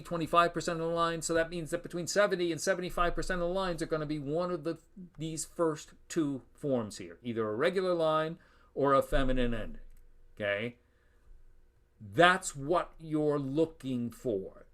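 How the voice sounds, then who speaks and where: A middle-aged man with a voice a little on the high side lectures to a class. He is emphatic and methodical, stressing key points and sounding out rhythmic patterns aloud. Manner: emphatic, explains step by step and drills rhythm aloud. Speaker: university lecturer.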